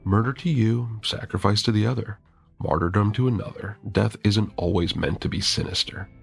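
A man voicing a calm young woman ghost who reasons in a matter-of-fact way in an audio story. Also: lowish voice, moderate pace, gravelly, breathy edge, faint music behind, pitched above the performer's own voice. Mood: thoughtful.

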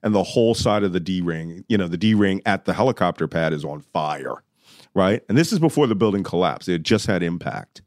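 A middle-aged man telling a vivid personal story, shouting when he acts out moments. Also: sits low, animated, a little fast, no echo, studio quality. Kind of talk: animated storytelling.

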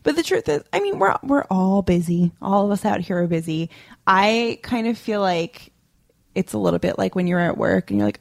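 A young woman co-hosting a podcast, talking in a relaxed, conversational way with frequent "like". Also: medium pitch, normal speed, gravelly, no echo, clean studio sound. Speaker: podcast co-host. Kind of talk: casual chat.

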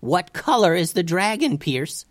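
A brisk, no-nonsense grandmother speaks high and bright, as a man voices her. Her pitch swings widely and the reading sounds dry and close. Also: big pitch swings, no room sound. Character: quick-witted grandmother fairy helper.

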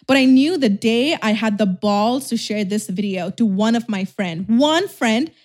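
A young woman influencer telling a storytime vlog, chatty and animated, with lots of "like". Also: on the high side, measured pace.

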